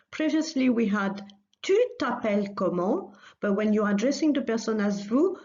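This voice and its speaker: A woman's voice: fairly high pitch, lively intonation, moderate pace, darkish tone, highs cut off. A woman teaching a recorded language lesson, patiently repeating phrases for learners.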